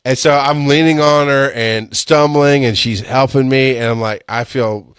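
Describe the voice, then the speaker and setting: Man, podcast host, casual storytelling, animated, loud high outbursts, swears, laughs, dry close sound. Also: moderate pace, hardly any pauses, clean tone, no echo. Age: adult with a young son. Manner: swears freely, laughs while telling.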